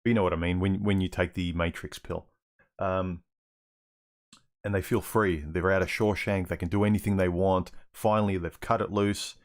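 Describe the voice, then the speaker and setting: A man's voice: sits low, fairly even intonation, moderate pace. A man hosting a livestream Q&A, reading viewer questions aloud and answering them in a rambling, casual way. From Australia. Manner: rambling, restarts often, reads chat questions aloud.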